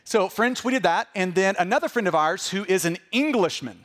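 Man, middle-aged, high voice, sermon, restarts sentences, animated delivery. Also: fairly quick. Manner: animated, repeats words when starting sentences. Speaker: pastor.

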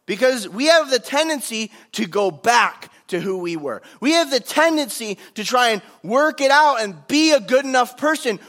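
High-voiced, earnest male preacher. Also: a bit bright. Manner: earnest, emphatic, leans on repetition. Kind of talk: sermon.

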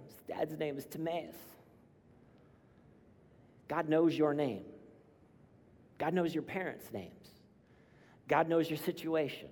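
Man preaching in a reverberant church. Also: fairly high pitch. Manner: emphatic, rising to loud cries on key lines. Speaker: pastor. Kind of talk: sermon. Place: church sanctuary. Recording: long hall reverb.

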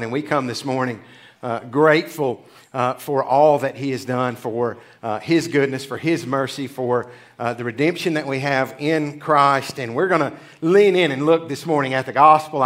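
A man's voice: mid-range voice, a bit bright. A pastor in his forties giving a casual, joking sermon in church. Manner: chatty, joking asides. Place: church sanctuary.

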